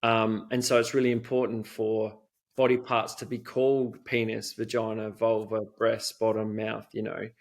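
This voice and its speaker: A man's voice: lowish voice, monotone, moderate pace. A middle-aged man answering interview questions in an earnest, rambling way, with many "you know"s. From Australia. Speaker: guest expert on child safety.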